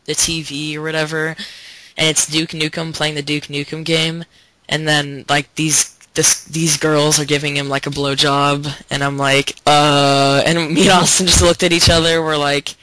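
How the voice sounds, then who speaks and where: Bright-voiced young man chatting loosely. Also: fairly high pitch, little pitch movement, moderate pace, rough recording. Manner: rambling, loose storytelling with many fillers. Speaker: podcast host. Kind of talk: casual chat.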